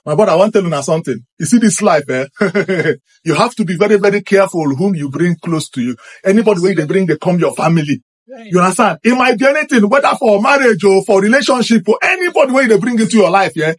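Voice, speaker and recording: Husky Nigerian man telling a story. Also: sits high, quick pace. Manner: excited, repetitive, acts out what happened. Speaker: storyteller recounting a personal experience. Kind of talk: animated first-person storytelling.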